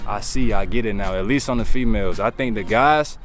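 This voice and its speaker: A man's voice: lowish voice, a little fast. A man vlogging outdoors in the wind, talking in a laid-back, slangy way and tossing in "bro" and "man". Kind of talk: casual talking-to-camera vlog. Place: outdoors, windy.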